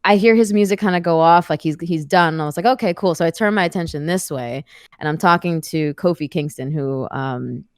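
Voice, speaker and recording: A woman's voice: fairly low pitch, a little fast, no echo, studio quality. A woman in her thirties, a guest on an interview podcast, telling stories in a chatty way full of "like" fillers. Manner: chatty, many "like" fillers, animated retelling. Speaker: guest, professional wrestler. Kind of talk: casual storytelling interview.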